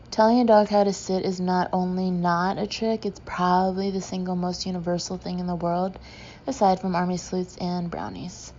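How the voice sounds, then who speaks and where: A woman narrating a humorous memoir audiobook with a dry, deadpan delivery. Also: lowish voice, normal speed, muffled recording, a little hiss or hum.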